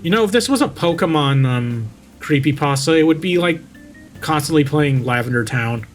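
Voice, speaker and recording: A man's voice: a little high, lively intonation, normal speed, faint music behind, rough recording. A young man reading a cheesy horror story aloud as a VTuber, constantly stopping to mock it, swearing and picking at its grammar. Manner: mocking, swears freely, interrupts his own reading. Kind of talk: story reading with sarcastic commentary.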